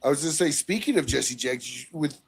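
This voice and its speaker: A man talking in a casual podcast chat, emphatic and quick to laugh. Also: on the high side, animated, vocal fry, breathy edge.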